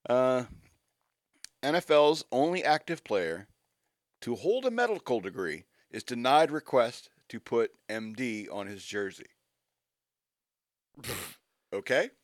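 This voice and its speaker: A man's voice: mid-range voice, big pitch swings, slow pace, long pauses, no room sound, studio quality. A man hosting a radio show, reading news items aloud and adding wry, joking asides in casual banter.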